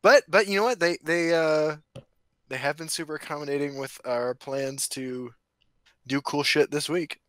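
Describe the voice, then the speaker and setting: A jokey man co-hosting a casual podcast, laughing often and swearing freely. His voice is bright and forceful, a little high, and the recording is dry and close. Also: fairly even intonation, normal speed, dry recording. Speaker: podcast co-host. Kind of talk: casual chat.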